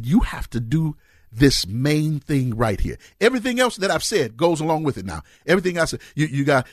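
A male pastor preaching a fervent sermon, sometimes shouting and half-singing his phrases. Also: medium pitch, big pitch swings, fairly quick, slightly rough, dry recording, studio quality. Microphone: close mic on a cord.

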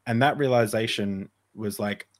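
Rambling low-voiced man. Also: normal speed. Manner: rambling, with many restarts and self-deprecating asides. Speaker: podcast co-host. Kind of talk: casual conversational storytelling.

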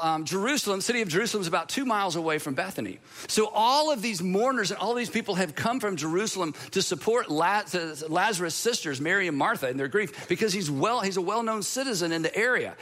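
Earnest and emphatic, a high-pitched male pastor preaches a sermon full of dramatic pauses and sudden drops to a hush.

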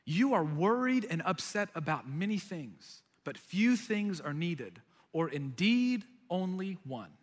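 A man voicing a calm male teacher who speaks slowly to soothe an upset friend. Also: high-pitched, big-room sound, full character voice. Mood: soothing. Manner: slow, soothing.

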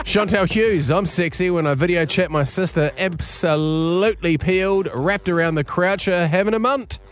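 A man's voice: high-pitched, moderate pace, music in the background. A man, a radio co-host joking cheekily and giggling. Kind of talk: casual radio banter.

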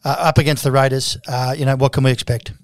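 A man's voice: medium pitch, fairly even intonation, no room sound. A man co-hosting a club radio show, chatting casually with lots of fillers. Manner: rapid, filler-heavy talk. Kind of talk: casual sports chat.

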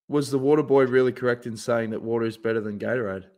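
Chatty New podcast host. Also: male voice, mid-range voice, steady tone, fast talker, mellow. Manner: laid-back, chatty, jokey. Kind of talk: casual chat.

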